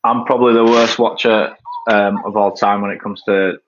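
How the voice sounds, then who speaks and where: A man's voice: on the low side, fairly even intonation, normal speed. A man chatting as a podcast guest, rambling and laughing easily as he tells stories. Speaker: podcast guest, former cricketer. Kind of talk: casual chat. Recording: dull lo-fi call audio.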